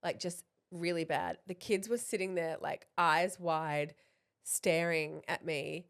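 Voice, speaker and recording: A woman's voice: fairly low pitch, fairly even intonation, slow pace, gravelly. A woman, a podcast co-host dramatically telling a story in casual chat, laughing as she goes.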